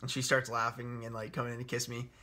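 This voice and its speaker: Young man in his 20s, bright forceful voice, animated casual storyteller. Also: mid-range voice, fast. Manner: animated, laughs often, quotes himself. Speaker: vlogger telling his proposal story.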